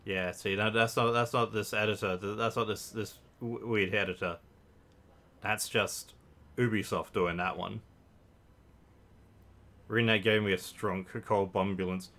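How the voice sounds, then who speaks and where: A man's voice: fairly low pitch, fairly even intonation, measured pace, long pauses, fairly bright tone. A man rambles through casual let's-play commentary, correcting himself mid-sentence and cracking jokes. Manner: rambling, self-correcting, joking asides. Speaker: game streamer.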